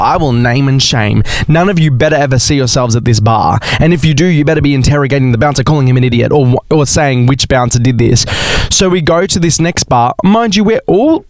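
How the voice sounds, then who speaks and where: Chatty, dramatic young man. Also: no echo. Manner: chatty, dramatic, jumps into high sing-song exclamations. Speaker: podcast host. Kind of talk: casual storytelling monologue.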